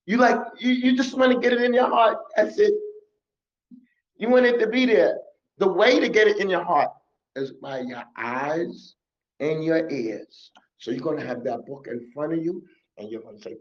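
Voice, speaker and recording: A man giving a mosque lesson on memorizing scripture, coaching and repeating himself, slipping in Arabic words. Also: fairly high pitch. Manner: repetitive, coaching, drops in Arabic words and recitation. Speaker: Quran teacher. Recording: muffled lo-fi recording.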